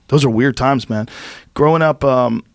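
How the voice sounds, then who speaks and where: A man in his fifties from the Boston area tells stories in a relaxed podcast chat, swearing freely and rising in pitch when he gets excited. His voice sits in a middle register. The sound is dry and close to the mic. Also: slow, gravelly, no echo. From Boston area, USA. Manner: profane, animated storytelling with rising excitement. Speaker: podcast host. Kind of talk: casual storytelling chat. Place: podcast studio.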